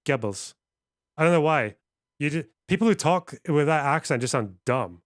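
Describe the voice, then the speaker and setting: A man's voice: a little high, lively intonation, normal speed, dry recording, clean studio sound. Profane man streaming live. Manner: profane, rambling, reacting to chat. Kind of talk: casual live-stream chat.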